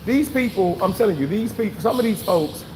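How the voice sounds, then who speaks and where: A man casually venting to his viewers, animated and swearing freely, repeating himself for emphasis. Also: high voice, brisk, long reverb tail, a little hiss or hum. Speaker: vlogger reading live chat.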